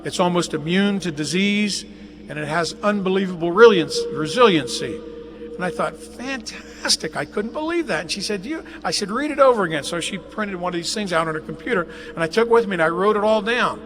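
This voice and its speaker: A man's voice: high voice, animated, brisk. An older man giving a folksy, jokey anecdotal speech at a dedication ceremony inside a large athletic facility, recorded on a live webcast. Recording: live webcast, long hall reverb, faint noise.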